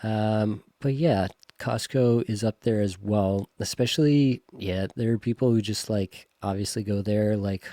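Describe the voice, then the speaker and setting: A man hosting a fantasy hockey podcast, relaxed and easygoing, with a lowish voice. He is recorded dry and close, with no room sound. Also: a little slow, hardly any pauses, no echo. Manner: easygoing, chuckling storyteller. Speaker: host. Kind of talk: casual podcast chat.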